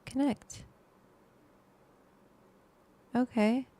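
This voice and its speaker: A woman's voice: on the high side, steady tone, a little slow, heavy background noise. A woman hosting a casual livestream, rambling to her viewers and her pet as she goes. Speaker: livestream host.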